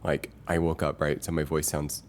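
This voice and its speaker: A man's voice: a bass voice, flat delivery, moderate pace, a little hiss or hum. A man live streaming in a casual chat with viewers. He rambles and thinks aloud with many fillers, reading out chat messages and greeting viewers as they arrive.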